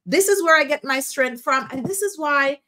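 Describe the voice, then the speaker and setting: A woman's voice: high-pitched, moderate pace, pushed and bright. A woman with a Jamaican accent hosting a casual live show, talking in an earnest, encouraging way and repeating phrases for emphasis. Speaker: host of a skincare live show. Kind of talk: casual live-stream chat.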